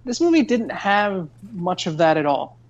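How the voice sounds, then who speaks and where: A man's voice: high-pitched, very animated, unhurried, highs cut off. A man co-hosting a podcast, reviewing a film in a rambling, conversational way. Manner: rambling, conversational, frequent fillers.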